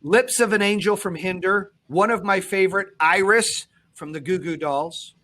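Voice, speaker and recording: A man hosting a podcast, talking bluntly and with profanity, swinging between loud pushes and low, quiet stretches. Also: normal speed. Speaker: podcast host. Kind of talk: intense motivational podcast talk.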